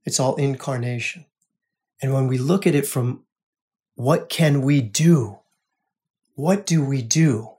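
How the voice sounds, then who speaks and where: A man hosting a spiritual podcast, talking earnestly in a monologue, repeating phrases and often dropping to a soft hush. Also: mid-range voice, takes it slowly, pauses often. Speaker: podcast host.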